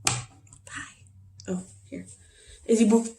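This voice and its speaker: A woman's voice: a little high, fairly even intonation, drawn-out words, vocal fry, warm tone. A woman teacher chatting casually to her students in a video made at home, often turning aside to talk to her dogs. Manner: chatty, talks to her dogs between remarks.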